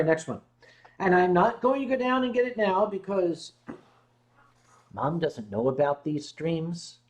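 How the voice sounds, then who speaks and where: Playful man hosting a casual stream. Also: sits high. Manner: playful, teasing, reads viewer comments aloud. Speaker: stream host. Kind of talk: casual livestream chat.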